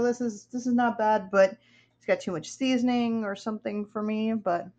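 A young woman from upstate New York, USA, chats casually while drawing on her art stream, rambling and laughing often. Her voice is mid-range and the recording is muffled.

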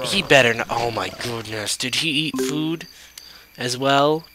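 A man's voice: mid-range voice, steady tone, unhurried. A man giving casual gameplay commentary and exasperatedly scolding the creatures in his game. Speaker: let's play host. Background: game music.

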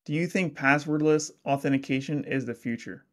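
A man's voice: fairly high pitch, brisk, a bit bright. A man hosting a casual interview, upbeat and chatty with plenty of "like" fillers. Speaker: podcast host.

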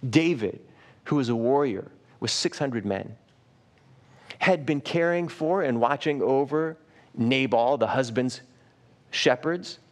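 An earnest man preaching a sermon in a mid-pitched voice, neither high nor low. He illustrates his points as he goes, often restarting and doubling up words. He drops to a slower, softer delivery for the key phrases. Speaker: pastor. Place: church live stream.

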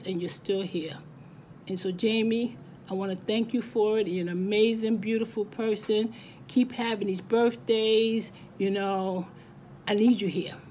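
A woman's voice: medium pitch, a little mellow, slight background noise. Emotional woman with a cracking voice. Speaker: friend giving a birthday message. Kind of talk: heartfelt spoken tribute.

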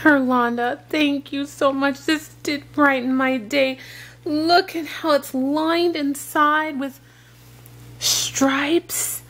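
A young woman with a high voice, unboxing gifts for her daughter in a home vlog. She gushes and gasps, and she keeps exclaiming over each item. She talks slowly and lingers on every word. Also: steady tone, a bit bright. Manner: gushing, gasping, repeats "oh my gosh".

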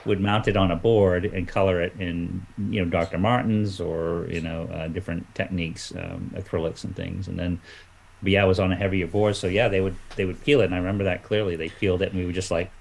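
Deep-voiced man, rambling comics chat. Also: level tone, fairly quick, vocal fry, low-quality recording. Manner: rambling with many fillers and restarts. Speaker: guest comic artist. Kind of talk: casual chat.

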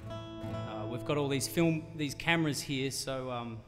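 Over music, an Australian singer-songwriter speaks a little slowly in a mid-range voice. In front of a live audience between songs, he rambles through a long comic story, self-deprecating and full of fillers and restarts, captured with concert-hall reverb.

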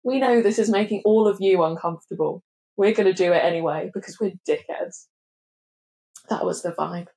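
Casting: lively young British woman, co-hosting a chatty podcast, bursts into funny put-on voices. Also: fairly quick, creaky. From England. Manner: animated, acts out quotes with big pitch jumps, swears freely. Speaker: podcast co-host. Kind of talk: casual chat, storytelling.

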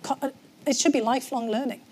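A woman's voice: high-pitched, fairly even intonation, quick pace, darkish tone, slight background noise. A woman with a North East English accent, a guest in an interview, telling her story candidly with frequent fillers. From North East England. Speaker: guest, former government official. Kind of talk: conversational interview.

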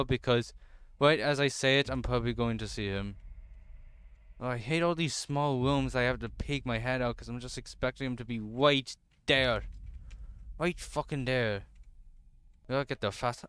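A man's voice: medium pitch, fairly bright tone, smooth, no echo. Male gamer, nervous horror commentary, constant cursing, clean dry close-mic sound. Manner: jumpy, swears constantly, nervous self-talk. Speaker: let's play gamer.

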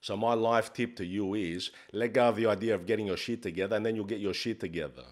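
A man's voice: lowish voice, steady tone, fast, natural voice. A man playing a brash, crude life coach, swearing in a swaggering, mock-profound comic monologue. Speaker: comedy character host.

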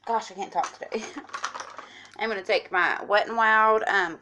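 With a mid-range, sharp-toned voice at a moderate pace and slight background noise, a female makeup vlogger runs a casual tutorial. She's chatty and instructive, speaking straight to her viewers as "guys" and explaining each step.

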